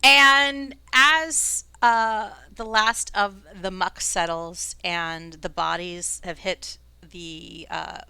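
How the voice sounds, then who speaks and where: A woman's voice: mid-range voice, fairly even intonation, drawn-out words, hardly any pauses, sharp tone, clean tone, no room sound. A woman narrating a tabletop game as game master, rambling with fillers.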